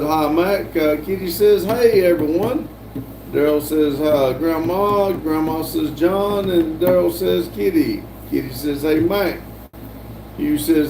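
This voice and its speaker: Older man, livestream host reading chat; mellow voice, echoey room. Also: a little high, a little slow, gravelly. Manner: reads chat aloud with frequent fillers and restarts. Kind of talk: casual live-stream chat. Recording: echoey room, voice from a distance, faint hum.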